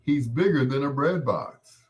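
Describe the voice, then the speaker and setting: A male radio host chatting on air in a studio, rambling between songs. His talk is slow and unhurried, at a middling pitch. He jokes around and keeps laughing at his own stories. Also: very animated. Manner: jokey, rambling, laughs often. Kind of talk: casual on-air chat.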